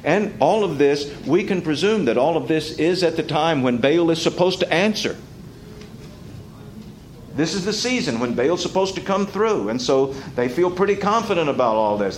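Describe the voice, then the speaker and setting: A man preaching an expository sermon, dropping quiet and then rising loud and mocking as he acts out quoted taunts. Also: on the high side, slight background noise, poor audio.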